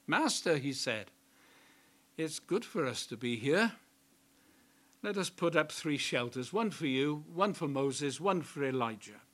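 Slow, emphatic male preacher. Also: a little high, a bit bright. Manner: slow, emphatic, repeats key words. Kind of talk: sermon.

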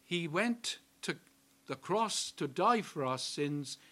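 A man preaching a sermon in a slow, emphatic way, repeating key words for weight. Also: a little high, lively intonation, a bit bright.

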